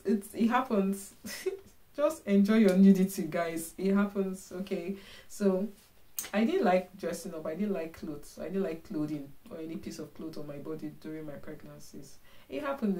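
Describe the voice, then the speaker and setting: Young adult woman, casual advice vlogger; low, warm, relaxed delivery, chatty and reassuring. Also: normal speed. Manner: chatty, encouraging, repeats "you know".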